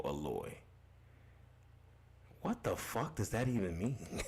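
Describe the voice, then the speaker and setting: A man's voice: on the low side, big pitch swings, a little slow, long pauses. A young man hosting a casual gaming livestream, reading chat comments aloud, loose and profane, laughing often and repeating himself.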